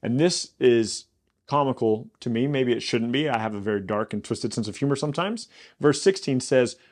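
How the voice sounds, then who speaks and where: A man who is a pastor, teaching through a Bible passage in a casual way. He is animated, repeats himself when worked up and rises into excited disbelief. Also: medium pitch, normal speed.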